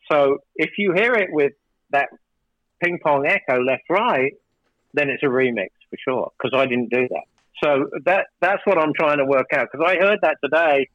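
A man's voice: mid-range voice, no echo. Rambling male producer, dry dull audio. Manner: rambling, restarts while recounting studio stories. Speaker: record producer, guest. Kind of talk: casual storytelling interview.

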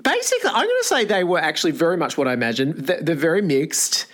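Low-voiced dry-witted woman. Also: very animated, fast talker. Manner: dry, teasing wit. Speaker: podcast co-host. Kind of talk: casual chat.

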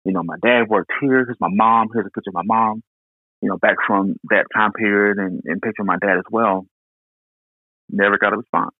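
A young man from Houston, Texas, telling a personal story in an earnest, halting way with many restarts. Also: on the low side, steady tone, breathy edge, no echo. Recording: tinny phone-like line.

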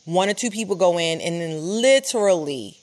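A woman's voice: fairly low pitch, lively intonation, moderate pace. A woman reporter recounting what she saw in an urgent, emphatic way, with many fillers. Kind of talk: live interview, recounting events.

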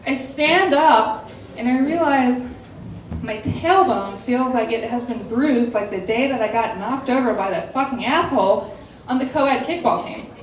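A young woman with a high voice tells a personal story in a dramatic, animated way, acting out every quote with laughing asides. She sits back from the mic in an echoey room, with faint room noise behind her. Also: unhurried, distant mic. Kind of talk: casual storytelling.

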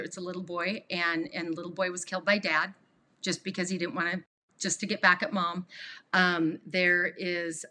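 Woman podcast guest, earnest, kinda rambly, bright tense voice. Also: on the low side. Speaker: podcast guest, coach for abuse survivors. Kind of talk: emotional interview talk.

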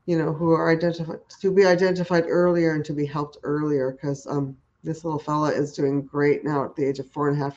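A woman's voice: low voice, a little mellow. Enthusiastic, rambling woman on lo-fi audio. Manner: enthusiastic, rambling with many restarts and fillers. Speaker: guest who works with horses. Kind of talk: conversational interview. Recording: dull lo-fi audio.

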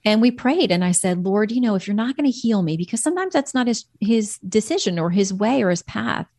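A woman's voice: medium pitch, expressive, fairly quick, a little mellow, no echo, clean studio sound. A woman earnestly telling a personal faith story as a podcast guest, quoting her own prayers.

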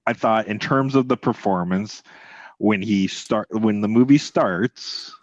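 A man co-hosting a film podcast, easygoing and measured in casual chat. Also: fairly low pitch, no echo, lo-fi sound. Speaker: podcast co-host.

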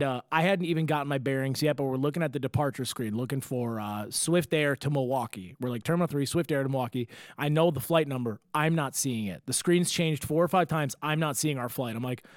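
A man's voice: mid-range voice, a little fast, few pauses, dry recording, studio quality. A young man hosting a casual podcast, telling a story with lots of swearing and acting out other people's lines. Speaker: podcast host. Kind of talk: casual chat.

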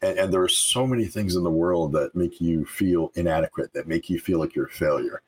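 A very deep, husky male voice belongs to a life coach speaking in a casual interview. He is earnest and animated and often breaks into laughter. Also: brisk, rough recording.

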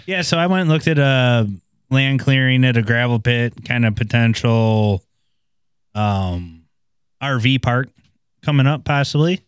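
A man's voice: medium pitch, a little slow, clean tone, no room sound, studio quality. A man chatting casually as a podcast co-host, laid-back, teasing and profane. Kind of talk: casual chat.

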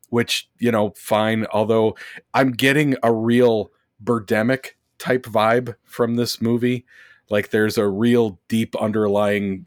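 On a movie podcast, a man reads from his notes in a sarcastic, mocking way, using lots of fillers in the casual review chat. His voice is on the low side, and the studio-quality recording is dry.

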